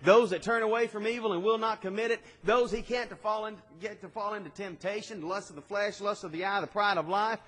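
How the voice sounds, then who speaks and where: A man preaching a sermon, swinging between loud emphatic lines and quiet passages. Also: sits high, steady tone, fairly quick, few pauses. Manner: dynamic preaching with swings in loudness. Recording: long hall reverb.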